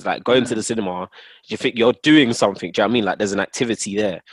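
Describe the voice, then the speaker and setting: A young man chatting casually with friends, animated and quick to laugh. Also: fairly low pitch, no echo. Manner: animated, laughs often, repeats himself. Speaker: podcast co-host. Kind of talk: casual chat among friends.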